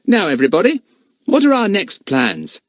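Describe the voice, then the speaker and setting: Steady young boy in charge, a man doing him, raised pitch, calm and decisive. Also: normal speed, dry recording, clean studio sound, full character voice. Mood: fond. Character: sensible young boy, leader of the group.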